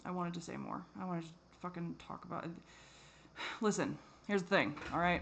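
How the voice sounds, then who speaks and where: A tired man rambling in a personal vlog, swearing a lot and drifting between normal talk and low mutters. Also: moderate pace, gravelly, a bit bright, dull audio. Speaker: vlogger.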